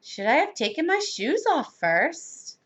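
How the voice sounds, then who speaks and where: An innocent, literal-minded housekeeper from a children's story, read by a woman. She answers plainly and matter-of-factly, her voice high and lively. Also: a little slow, highs cut off, heavily acted.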